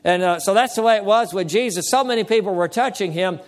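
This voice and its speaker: A man with a high-pitched voice delivers a sermon as a pastor. He calls out for amens from the congregation and slows his pace to lean on the words that matter. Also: in a large hall. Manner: preaching with call-and-response, slowing to stress key words.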